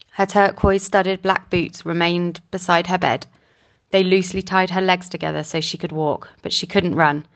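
A woman narrating a novel chapter in a steady, measured reading. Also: lowish voice. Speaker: audiobook narrator. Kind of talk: scripted narration.

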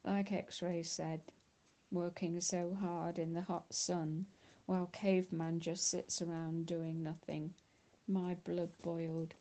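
A woman's voice: lowish voice, flat delivery, slow pace, dark tone. A woman reading the part of a pushy teenage boy bully who keeps goading, in an audiobook. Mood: sullen.

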